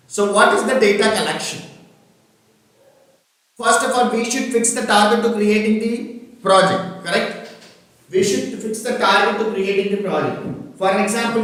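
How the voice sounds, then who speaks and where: A man leads an online training session, his slightly high voice halting and full of fillers. He keeps checking that everyone can hear him. The sound is very roomy and distant, as if he sits well away from the mic. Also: fairly bright tone. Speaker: workshop trainer. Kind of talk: online lecture with screen demonstration. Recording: very echoey room, from far off the mic.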